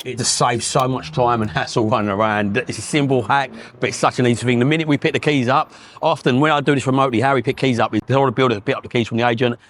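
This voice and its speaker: Out on a street, a property investor with a Northern English accent walks viewers past his properties in a casual vlog, speaking fast in a mid-range voice with fairly even intonation. He's blunt and chatty, telling stories and swearing now and then, with slight background noise behind him.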